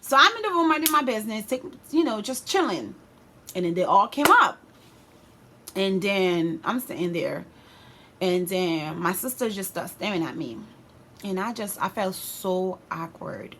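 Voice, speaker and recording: A young woman telling a personal story on her vlog in a casual, animated way, full of slang. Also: on the low side, a little slow, a little hiss or hum. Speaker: vlogger.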